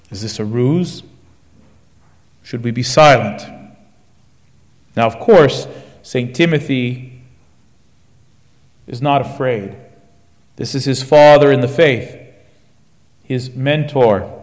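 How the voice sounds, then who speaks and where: A man preaching a sermon, building his points through rhetorical questions in a declaiming manner. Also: medium pitch. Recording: long church reverb.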